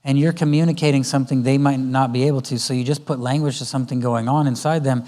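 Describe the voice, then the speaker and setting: A man's voice: mid-range voice, steady tone, fast talker, mellow. A man giving a parenting talk at a church conference, often acting out what a parent and child say to each other in different voices. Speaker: guest speaker. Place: church auditorium.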